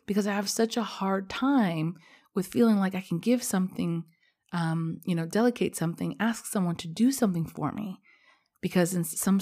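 A woman's voice: lowish voice, a little mellow. A pregnant woman hosting her own podcast, talking candidly and rambling, with casual swearing, in a personal monologue. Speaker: podcast host.

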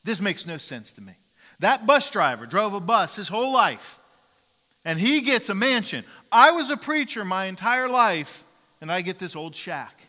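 Pastor doing a miffed preacher in a joke, sharp tone, big echoing hall. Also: male voice, sits high, big pitch swings, moderate pace, pitched above the performer's own voice, exaggerated voice. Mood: indignant. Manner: loud, aggrieved protest. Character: indignant male preacher arriving at heaven.

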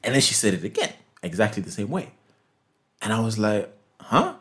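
A man's voice: fairly low pitch, lively intonation, brisk. A young Zimbabwean man whose first language is Ndebele, telling a story in casual chat and acting out both sides of a phone call.

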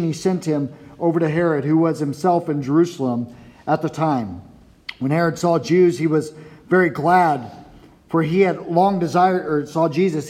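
A man reading scripture aloud in a steady, even way. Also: on the high side. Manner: steady, even reading with brief self-corrections. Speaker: scripture reader.

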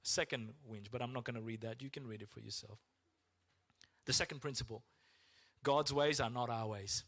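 A man preaching a sermon as pastor, acting out complaints to God in a raised, strained voice. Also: normal speed. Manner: animated, acts out complaints to God in a high strained voice.

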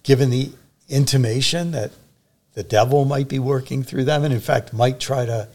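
A man's voice: mid-range voice, moderate pace, a little mellow. An older man, an author and theologian, speaking as an interview guest, telling anecdotes in an earnest way with many fillers and restarts. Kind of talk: reflective interview storytelling.

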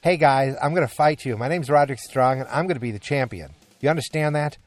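A man putting on a stiff, flatly earnest voice to mimic an angry male wrestler cutting a promo. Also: mid-range voice, quick pace, no echo, voice pushed up, natural voice. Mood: mock-angry. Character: blunt, angry male wrestler explaining himself.

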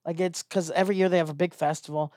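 A man, a stand-up comedian, telling a casual, animated story and acting out the people in it. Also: on the high side, quick pace, no echo, clean studio sound. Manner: animated, acts out quoted voices.

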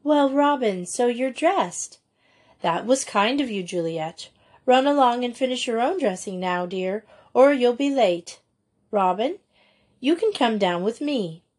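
A woman reading aloud voices a kindly, composed young headmistress who gives gentle, motherly instructions. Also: a little high, animated, a little slow.

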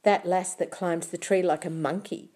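A woman's voice: fairly low pitch, steady tone, moderate pace, mellow, natural voice. A woman reading an audiobook, voicing a scornful schoolboy who talks bluntly and mockingly. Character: scornful, rough-talking schoolboy.

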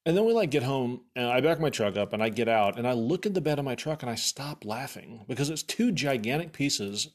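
Speaking briskly in a mid-range voice with hardly any pauses, a man casually tells a rambling story. He swears freely, fills it with "like," and retells events in an animated, exasperated way.

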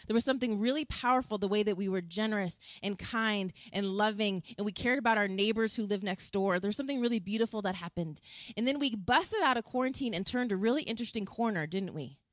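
A woman preaching a sermon as a pastor, earnest and animated, acting out quotes as she tells the story. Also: medium pitch, quick pace, no room sound. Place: outdoors in wind.

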